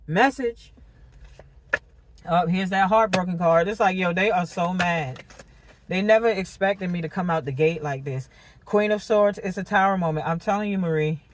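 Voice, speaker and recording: A woman doing a casual tarot reading monologue, animated and slangy, laughing and cursing as she talks. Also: lowish voice, moderate pace, a little hiss or hum. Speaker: tarot reader.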